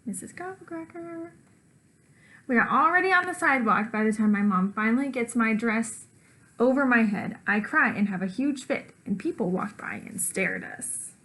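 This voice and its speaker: A woman teacher reading a children's storybook aloud, with lively character voices and dog woofs. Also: a little high, normal speed, rough recording.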